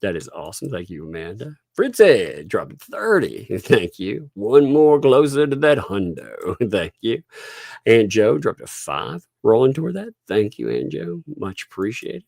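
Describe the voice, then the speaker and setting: In a casual livestream, a middle-aged male host reads out donations and thanks the donors, chuckling often. His fairly low, gravelly, slightly mellow voice has a sing-song lilt and a measured pace. The sound is studio quality with no echo.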